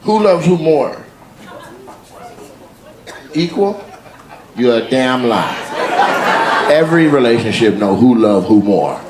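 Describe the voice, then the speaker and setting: A man doing stand-up crowd work, teasing audience members with quick-fire questions. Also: mid-range voice, expressive, very noisy. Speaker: stand-up comedian. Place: comedy club stage. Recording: echoey live venue with loud crowd laughter.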